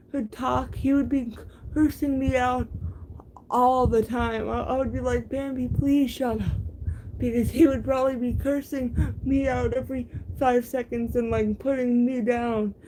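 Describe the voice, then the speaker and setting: A young woman talks slowly in a high, soft-edged voice, stumbling and restarting her words as she chats casually with her viewers. Her tone stays mellow and unhurried, broken by little giggles. A faint hum sits behind her. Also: poor audio. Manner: stammering, frequent restarts and giggles. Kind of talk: casual chat.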